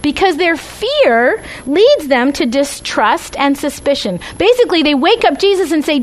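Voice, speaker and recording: A woman's voice: high-pitched, big pitch swings, a little slow, hardly any pauses, rough recording. A woman teaching a Bible study class with slides, talking conversationally and often checking in with "right?" and "okay?".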